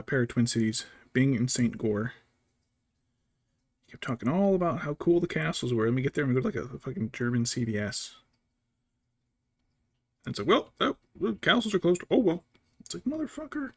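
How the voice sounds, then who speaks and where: A young adult man chatting casually while painting miniatures, telling rambling, profane stories. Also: mid-range voice. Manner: profane, rambling storytelling with mocking impressions.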